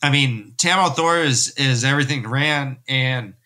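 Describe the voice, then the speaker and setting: Bright-voiced man recapping casually. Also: medium pitch, normal speed. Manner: animated, rambling, jokey. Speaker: podcast host.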